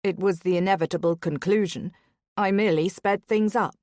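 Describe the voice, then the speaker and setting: A woman voicing a calm, arrogant young nobleman. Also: brisk, dry recording, studio quality, natural voice. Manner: low, quiet and even.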